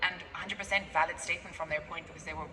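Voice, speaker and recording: A woman in her twenties from South Africa, rambling excitedly in a casual vlog. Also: low voice, racing. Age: 20s. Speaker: vlogger. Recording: noisy background.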